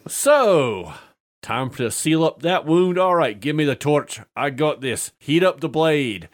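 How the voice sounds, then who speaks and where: A man's voice: a little high, lively intonation, slow. A man casually telling a funny tabletop-game story, padding it with filler sounds and breaking into laughter.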